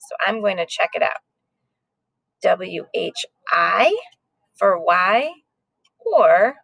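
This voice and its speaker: A woman's voice: fairly low pitch, gravelly, a bit bright, dry recording. A woman teaching a recorded phonics lesson to second graders, sounding out letters patiently.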